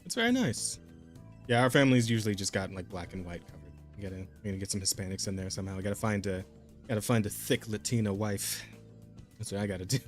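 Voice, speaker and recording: A man's voice: fairly low pitch, expressive, fast, faint music behind. A man hosting a podcast in casual chat, laid-back, laughing often and repeating words. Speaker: podcast host.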